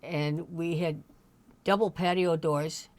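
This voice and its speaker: A middle-aged woman, a mother chatting casually on a livestream, halting and often restarting her sentences. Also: low voice, steady tone, darkish tone, dry recording. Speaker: streamer's mother, guest. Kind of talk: casual family chat on a livestream.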